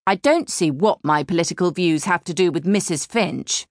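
A woman's voice: fairly low pitch, moderate pace, no echo, natural voice. A woman narrator voicing a dry, mocking young man in an audiobook. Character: sardonic young man, idle writer. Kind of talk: audiobook character reading.

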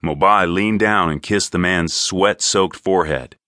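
Deep-voiced male audiobook narrator. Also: unhurried, bright, forceful tone, no room sound, studio quality. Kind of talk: scripted narration.

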